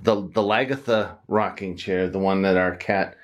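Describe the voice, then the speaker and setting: A man's voice: low-pitched, steady tone, moderate pace. A man co-hosting a home vlog, chatting casually and offering practical ideas in an easygoing way. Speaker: vlog co-host.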